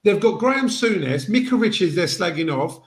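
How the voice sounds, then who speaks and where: A man's voice: sits high, animated, brisk. A man, co-hosting a casual football chat show and arguing his points emphatically, often repeating himself. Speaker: podcast co-host.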